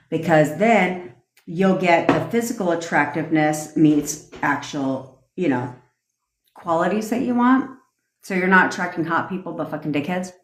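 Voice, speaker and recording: A woman coaching on a livestream in a casual rant, blunt and profane, with quick laughing asides. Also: sits low. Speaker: manifestation coach. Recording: echoey room.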